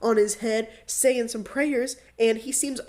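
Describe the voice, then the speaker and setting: A young woman co-hosting a podcast, casually recapping a drama in animated storytelling, full of fillers and acted-out quotes. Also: fairly high pitch, measured pace. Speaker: podcast co-host.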